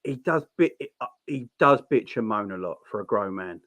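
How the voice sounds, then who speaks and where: A man's voice: on the low side, animated, moderate pace, a bit bright, dry recording. A man co-hosting a wrestling review show, giving incredulous opinions. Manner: opinionated, incredulous, swoops up when exasperated. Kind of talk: casual chat.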